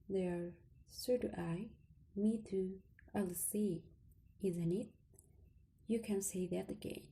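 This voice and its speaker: A woman presenting an English test lesson, slowly listing rules and example phrases. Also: mid-range voice, dark tone, rough recording. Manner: slow listing reading, some words whispered. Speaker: student presenter. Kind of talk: reading lesson slides.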